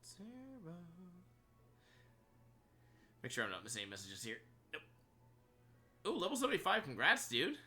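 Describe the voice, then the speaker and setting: Guy streaming a game, super bright tense voice, rambles with lots of likes, laughs a bunch. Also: medium pitch, huge pitch swings, quick pace. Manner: rambling, filler-heavy, laughs often. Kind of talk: casual live-stream chat while gaming.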